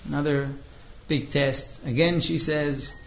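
A man's voice: a little high, fairly even intonation, a little slow, vocal fry, lo-fi sound. A man teaching a class, telling a story with many fillers and restarts.

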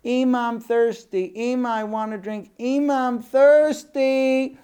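A man's voice: very high voice, steady tone, measured pace, mellow, clear, resonant tone, voice pushed up. A man voicing a whiny, thirsty three-year-old boy who keeps pleading. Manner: pleading, whining.

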